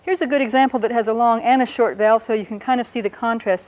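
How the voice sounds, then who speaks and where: A woman teaching a language lesson, explaining patiently and sounding out words slowly and carefully. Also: a little high, fairly even intonation, darkish tone.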